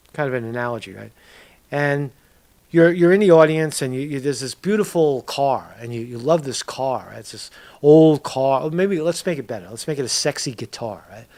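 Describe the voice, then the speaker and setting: A man giving a casual commentary video, ranting in a profane, rambling way and tagging lines with "right?". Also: mid-range voice. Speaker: political commentator.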